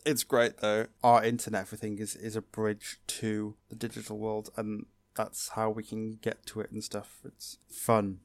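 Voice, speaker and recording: Creaky and lowish, this man's voice comes through with no echo as he co-hosts a podcast. He chats casually and sarcastically while recapping episodes.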